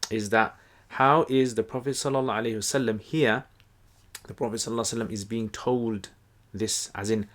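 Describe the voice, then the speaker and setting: A man explains a text in a relaxed, conversational teaching manner. His voice sits a little low, and he pauses often with fillers and restarts mid-sentence. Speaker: Quran teacher. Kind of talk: casual explanatory lesson.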